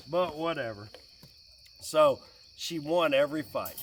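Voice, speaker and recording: A middle-aged man telling stories about family life in a casual, animated way, often laughing, sitting outdoors by a fire. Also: mid-range voice, measured pace, slight background noise. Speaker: vlogger and dad. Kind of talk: casual fireside storytelling. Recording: distant mic outdoors, faint crickets. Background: faint crickets and outdoor ambience.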